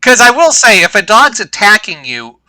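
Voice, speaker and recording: Guest comedian, very bright high voice, dry close sound, blunt deadpan talk. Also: male voice, moderate pace, no echo, poor audio. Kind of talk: casual comedy podcast chat.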